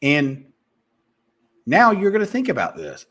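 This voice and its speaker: Motivational sales-coach man, slightly high voice, husky, fast and rambling. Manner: fast-talking, animated, rambling with restarts. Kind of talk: motivational monologue to viewers.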